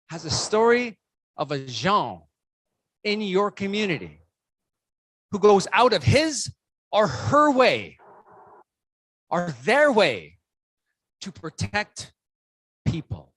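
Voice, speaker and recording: A keynote speaker at a conference who leads the audience through call-and-response and counts, breaking into loud shouts to rouse them. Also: medium pitch, very animated, slow, long pauses, slightly rough. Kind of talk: motivational speech with audience participation. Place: conference room with a live audience.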